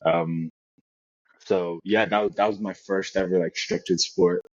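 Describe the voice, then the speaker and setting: Young adult male guest, very deep voice, easygoing anecdotes, muffled lo-fi recording. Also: unhurried. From Nigeria. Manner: relaxed storytelling with many restarts. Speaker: guest, American football player. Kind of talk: casual interview chat.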